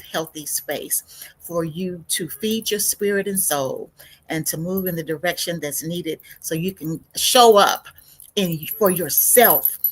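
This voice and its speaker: A woman hosting a livestream as a counselor, speaking in an unhurried, reflective way with soft drops in volume and sighs. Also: lowish voice. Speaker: counselor and show host. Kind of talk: spiritual livestream talk.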